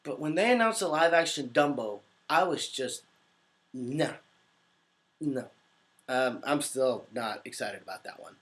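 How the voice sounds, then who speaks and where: A man in his twenties chatting casually on a livestream, answering viewer comments in an upbeat, easily excited way. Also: medium pitch, normal speed, hardly any pauses. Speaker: voice actor hosting a livestream.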